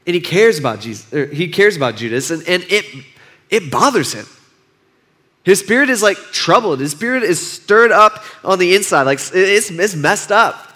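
A young man delivers a relaxed, conversational sermon. His voice sits a little high and sounds bright and forward. He tells the story loosely, with a lot of verbal filler, and slips into playful voices for the people he quotes. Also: normal speed. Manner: conversational, animated retelling with acted-out quotes. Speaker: pastor. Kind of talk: casual sermon.

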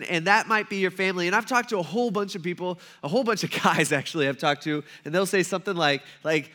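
A man's voice: high voice, fast talker, pushed and bright. A man in his thirties preaching a sermon in a humorous, conversational way, acting out little scenes. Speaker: pastor.

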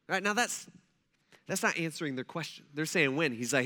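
Animated young man preaching casually. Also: fairly high pitch, brisk. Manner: animated, acts out quotes, frequent "right?" and "like". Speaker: pastor. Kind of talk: casual conversational sermon.

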